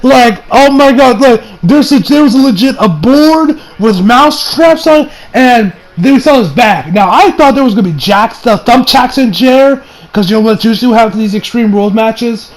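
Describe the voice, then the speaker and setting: Excitable high-voiced man ranting. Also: moderate pace, few pauses, poor audio. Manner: excitable, profane, rambling with restarts. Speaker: wrestling reviewer. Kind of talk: casual review monologue.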